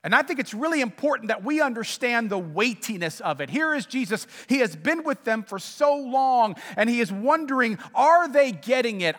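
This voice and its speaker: Man, pastor, lively high-pitched sermon voice, church echo. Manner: animated storytelling preacher.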